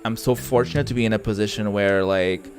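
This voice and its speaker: Brief: young male streamer, low voice, earnest and rambling, soft game music under. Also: fairly even intonation, brisk. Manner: rambling, heartfelt, many fillers and restarts. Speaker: gaming streamer. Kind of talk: casual gameplay commentary.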